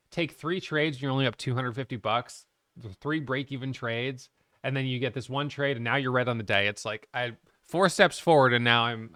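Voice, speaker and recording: A man's voice: medium pitch, a bit bright, clean tone, dry recording, studio quality. A man giving a casual, frank recap of his day trades, talking through the charts and openly criticizing his own mistakes.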